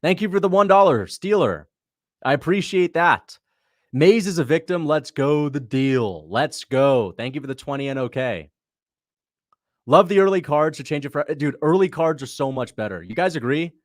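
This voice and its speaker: A man's voice: fairly high pitch, lively intonation, no echo, studio quality. Chatty young man hosting a livestream. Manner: loose, chatty, quick to laugh, reads out donations. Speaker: livestream host reacting to fights. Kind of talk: casual livestream commentary.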